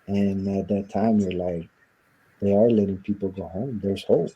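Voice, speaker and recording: Husky low-voiced man telling his story. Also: steady tone, normal speed, muffled recording. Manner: earnest, reflective, acts out quoted voices. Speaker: interview guest. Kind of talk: conversational storytelling.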